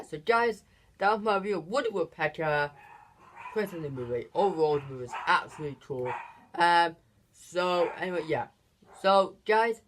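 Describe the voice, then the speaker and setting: A channel host giving a casual, unscripted movie review, rambling with lots of fillers and restarts and giggling often between phrases. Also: mid-range voice.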